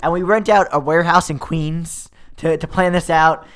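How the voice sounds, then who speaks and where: A man's voice: on the high side, fairly even intonation, fairly bright tone, clear, resonant tone. Playful man riffing in casual chat. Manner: playful, riffing, quick asides.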